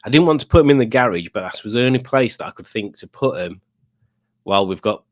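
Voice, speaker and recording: A man's voice: mid-range voice, expressive, fast. A middle-aged man chatting on a home live stream, rambling and poking fun at himself. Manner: rambling, chatty and self-mocking. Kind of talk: casual live stream chat.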